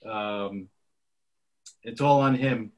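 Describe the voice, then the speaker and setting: A man's voice: lowish voice, very slow, poor audio. A man casually weighs his football predictions. He hesitates often and repeats his words as he thinks. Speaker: podcast co-host. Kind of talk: casual sports talk.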